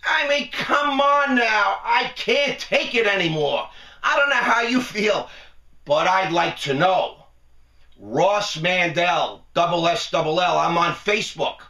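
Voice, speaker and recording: A man rants sarcastically in a high, gravelly voice with a bright, tense edge. He talks animatedly and breaks into laughs. He is recorded in an echoey room, a little way from the mic. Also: animated, measured pace, recorded from a distance. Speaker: host of a commentary video. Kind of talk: ranting commentary.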